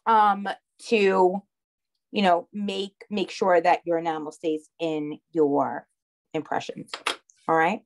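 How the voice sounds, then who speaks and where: A woman's voice: lowish voice, flat delivery, takes it slowly. Woman, heavy Long Island accent, craft instructor, chatty live-class delivery. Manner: chatty, checks in with "okay?" and "all right".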